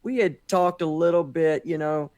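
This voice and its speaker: A man guest in an interview, telling his story in an animated way, acting out the dialogue and often saying "man". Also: fairly high pitch, normal speed, no echo. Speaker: podcast guest.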